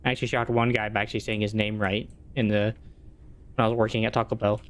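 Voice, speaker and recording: Low-voiced male streamer chatting casually. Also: flat delivery, quick pace. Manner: rambling, answers chat, thinks aloud. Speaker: gaming streamer. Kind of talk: casual live-stream chat while playing.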